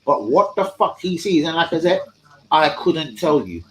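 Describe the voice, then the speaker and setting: Young man, live-stream host, profane, combative, mocking, very animated voice. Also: fairly high pitch, normal speed, low-quality recording. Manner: profane, combative, mocking, talks straight to chat. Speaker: fan channel host. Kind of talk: live-stream football rant.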